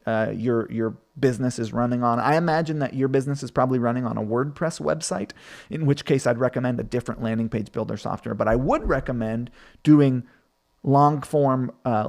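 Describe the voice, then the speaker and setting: A man hosting a live stream, answering viewer questions about marketing in a loose, conversational way with plenty of fillers. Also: medium pitch.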